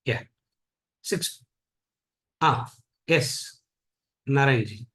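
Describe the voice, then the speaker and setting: A man's voice: mid-range voice, very slow, a bit bright. A man with an Indian accent teaching a spiritual lecture class, repeating points emphatically and teasing his students. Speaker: Vedanta teacher.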